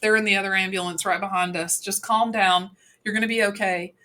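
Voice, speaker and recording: Calm grown man, soothing, read by a woman. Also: mid-range voice, fairly quick, lightly acted.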